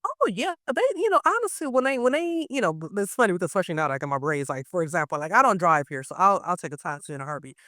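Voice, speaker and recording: A fast-talking American woman with a bright, lively voice that swings up and down as she tells stories. She is a guest in a casual interview and acts out the people in her anecdotes. The sound is dry and close. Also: on the low side, dry recording. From United States. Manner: animated storyteller, heavy use of "like", acts out quotes. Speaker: interview guest, teacher living abroad.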